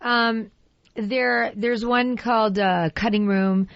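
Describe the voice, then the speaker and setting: A woman's voice: a little high, steady tone, takes it slowly, no echo. A woman in her forties from Los Angeles, an actress and voice actress, chatting upbeat and laughing as a radio show guest. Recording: dry, dull lo-fi radio recording.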